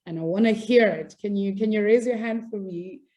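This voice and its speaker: Upbeat woman teacher with a mellow voice. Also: mid-range voice, brisk. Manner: upbeat, apologetic, laughs easily. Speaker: maths teacher. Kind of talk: live online class.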